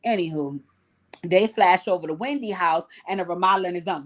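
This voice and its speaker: A woman hosting a livestream, giving a blunt, profane, animated recap of reality TV. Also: on the low side, brisk, slight background noise. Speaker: host.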